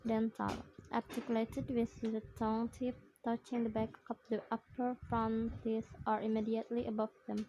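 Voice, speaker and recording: A young woman student reading her prepared phonetics assignment aloud, in short measured phrases. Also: a little high, little pitch movement, warm tone, a little hiss or hum, low-quality recording.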